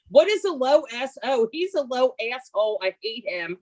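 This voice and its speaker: A woman's voice: fairly high pitch, normal speed, few pauses. Brash storytelling woman on a video call. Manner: brash, animated, self-mocking. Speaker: workshop participant. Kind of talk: comic storytelling.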